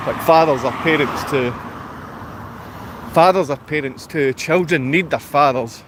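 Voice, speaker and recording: A Scottish man with a Glaswegian accent, rambling to his viewers on a walk-and-talk vlog, chatty and quick to laugh. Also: a little high, fairly bright tone. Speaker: vlogger. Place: outdoors on a town street with traffic. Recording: street traffic noise behind.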